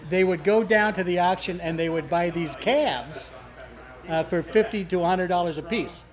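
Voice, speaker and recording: A man's voice: high voice, normal speed. A man telling an amused, chuckling story at a birthday gathering. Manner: amused, chuckling while explaining. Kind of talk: casual storytelling. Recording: crowd chatter behind.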